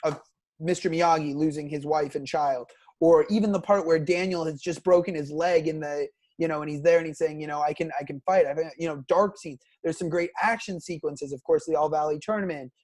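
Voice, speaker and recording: A man co-hosting a casual movie review chat, thinking aloud with frequent pauses and restarts. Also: on the high side, a little mellow. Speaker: podcast co-host.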